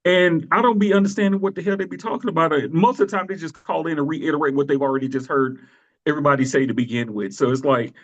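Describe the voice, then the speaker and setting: A man co-hosts a casual wrestling podcast, his voice sitting a bit high. He tells loose, animated stories, laughs often, and acts out the people he quotes. The recording sounds dull and lo-fi. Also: quick pace. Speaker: podcast co-host.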